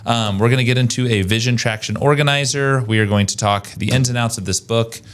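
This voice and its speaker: A man hosting a casual podcast chat, energetic and conversational, often restarting his sentences. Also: mid-range voice, a little fast. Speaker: podcast host, agency owner.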